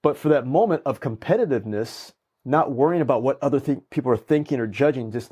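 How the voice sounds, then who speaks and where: A man's voice: mid-range voice, fast, husky. A man, a guest speaker, telling stories in casual conversation and acting out quoted lines with energy. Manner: animated, acts out quoted lines. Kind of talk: conversational storytelling.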